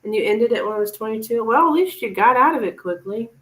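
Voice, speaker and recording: A woman's voice: a little high, animated, quick pace, a bit bright, low-quality recording. A woman tarot reader giving a chatty, reassuring live-stream reading to a viewer.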